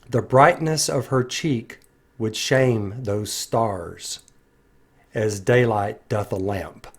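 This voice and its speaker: Earnest man musing on song lyrics. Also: medium pitch. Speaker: music commentator. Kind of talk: reflective song commentary.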